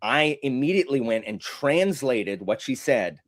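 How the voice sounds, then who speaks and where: Animated teasing man hosting. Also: medium pitch, a little slow. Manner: teasing, playfully theatrical. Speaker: host. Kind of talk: mock courtroom banter.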